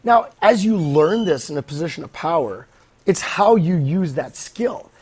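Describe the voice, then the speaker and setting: A man's voice: a little high, animated, moderate pace, husky. A man hosting a podcast, talking in a rambling, profane and blunt casual monologue. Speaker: podcast host.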